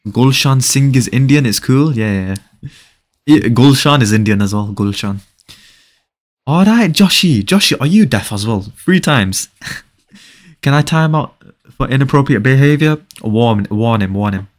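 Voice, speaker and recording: A young man livestreaming a game, reading viewer comments aloud and answering them with playful teasing, often repeating short phrases in quick bursts. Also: mid-range voice, animated. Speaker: live game streamer. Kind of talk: casual live-stream chat.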